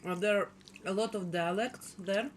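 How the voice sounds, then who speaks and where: A woman's voice: mid-range voice, steady tone, normal speed, slight background noise. A woman with a Russian accent, a native Russian speaker, chatting casually at home while eating and often searching for words. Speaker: channel host. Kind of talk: casual mukbang chat. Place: home dining table.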